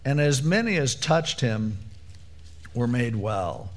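A man preaching a conversational sermon in a casual, animated way, acting out the people in the story. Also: medium pitch, slow. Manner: casual, animated, acts out quotes.

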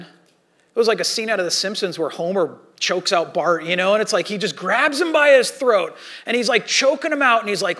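A male pastor preaches in a loose, conversational sermon style. He fills his talk with asides and "you know"s. His voice sits high. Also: a little fast. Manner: conversational and animated, with repeated fillers.

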